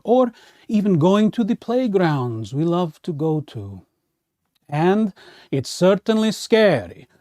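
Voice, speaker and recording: A man's voice: sits high, warm tone, no room sound, studio quality. A man hosting a children's storytime as a playful vampire count, reading a picture book aloud. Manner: playful, theatrical vampire host. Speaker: children's librarian playing a vampire count host.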